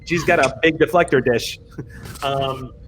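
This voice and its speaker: A man narrates a tabletop game as its game master, chatting loosely between rules and scene-setting. His voice sits at an ordinary middle pitch. A faint hiss runs under the recording. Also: a little slow. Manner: relaxed, chatty, with fillers and laughs.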